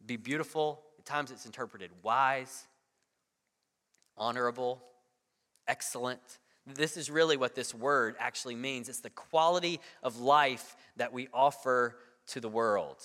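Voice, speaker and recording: Male pastor, 30s, chatty sermon delivery with stumbles and "right?" asides, bright tone, echoing hall. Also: mid-range voice, unhurried. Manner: conversational, repeats words, frequent "right?". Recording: long hall reverb.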